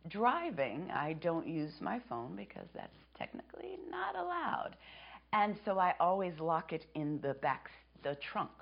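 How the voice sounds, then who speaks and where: A woman in her fifties giving a sermon as a guest preacher in a church, speaking softly and reflectively and dropping to a whisper on key phrases. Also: deep voice. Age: 50s. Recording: dull lo-fi sermon recording.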